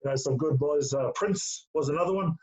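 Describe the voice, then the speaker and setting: A middle-aged former player, guesting on an interview, talks a little fast in a voice on the high side. He tells stories in casual chat, packed with fillers, and keeps calling the host mate. The sound is lo-fi and dull.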